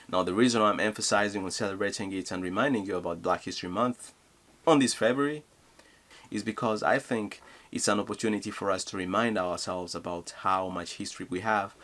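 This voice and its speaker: A man's voice: low-pitched, a bit bright. A young man from DR Congo with a Congolese accent, speaking in a motivational vlog in an earnest, encouraging way, often asking rhetorical questions. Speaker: youth speaker.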